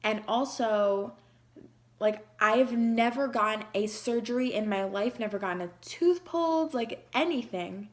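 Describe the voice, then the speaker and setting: A woman's voice: a little high, unhurried. A young woman vlogger emotionally retelling a personal story in a chatty way, with lots of "like". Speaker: beauty vlogger.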